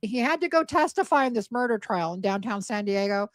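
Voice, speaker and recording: A woman's voice: medium pitch, animated, a little fast, dry recording. Chatty woman on a dry, close mic. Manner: chatty, rambling. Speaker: livestreamer. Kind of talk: casual livestream chat.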